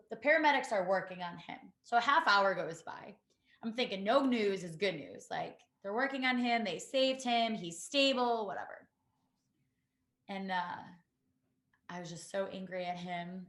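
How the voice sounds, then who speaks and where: Woman recounting a loss, halting. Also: medium pitch, fairly bright tone, roomy sound. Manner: halting, many fillers and restarts, quotes others. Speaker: podcast guest. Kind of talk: emotional personal storytelling.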